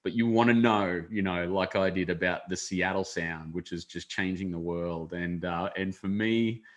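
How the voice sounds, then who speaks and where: Low-voiced Australian man, gushing. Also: fairly even intonation, moderate pace. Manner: effusive, hesitant with many ums. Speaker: interviewer. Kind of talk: casual conversation on a video call. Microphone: video call.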